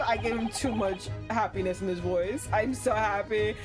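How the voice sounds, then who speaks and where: A woman's voice: medium pitch, normal speed, few pauses. A woman streaming a game live, reacting with exclamatory, profane outbursts. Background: game music.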